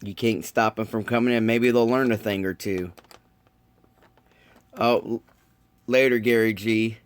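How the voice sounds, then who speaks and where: A man's voice: fairly low pitch, steady tone, a little slow, clear, resonant tone, no room sound. A man chatting casually with viewers while building model cars, rambling and laid-back with lots of ums. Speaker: model car builder streaming live. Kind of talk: casual live-stream chat.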